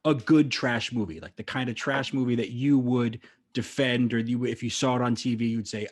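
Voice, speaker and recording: A man hosting a podcast, talking in a relaxed, casual way and asking a guest questions. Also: mid-range voice, moderate pace. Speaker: podcast host. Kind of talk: casual chat.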